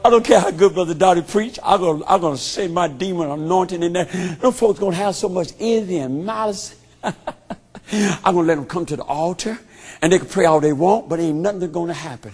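A man preaching voices a sly, boastful male devil in a lower, hushed tone. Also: a little fast, breathy edge. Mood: gloating. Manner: low, hushed, gloating.

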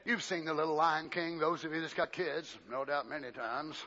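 An older preacher with a high, sharply bright voice, swinging from shouted cries to hushed stretches. The recording is dull and lo-fi. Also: male voice, steady tone. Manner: shouting and drawn-out for emphasis, then hushed and low. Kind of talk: sermon.

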